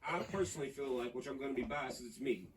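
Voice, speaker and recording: A man from Nashville, talking in a casual podcast chat, animated, profane and rambling. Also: medium pitch, fast, recorded from a distance, very noisy. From Nashville, Tennessee. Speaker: podcast guest.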